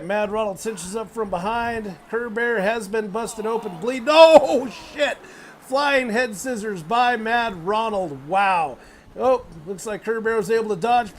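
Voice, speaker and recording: Excitable high-voiced male wrestling commentator. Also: a little hiss or hum. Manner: excitable, swears and laughs, sudden loud exclamations. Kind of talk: play-by-play commentary on a video game wrestling match.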